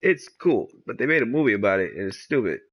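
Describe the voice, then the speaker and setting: A man's voice: on the low side, sing-song, fast, fairly bright tone, slightly rough. A man giving casual, rambling gameplay commentary, laid-back and swearing freely. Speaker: gamer.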